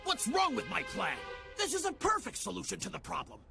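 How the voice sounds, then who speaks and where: A callous cartoon mayor, who brushes off every objection with smug dismissal. His voice is rough and gravelly, and his pitch rises and falls dramatically. Clear music runs underneath the clip. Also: huge pitch swings, fairly quick, full character voice. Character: corrupt scheming male city mayor, callous.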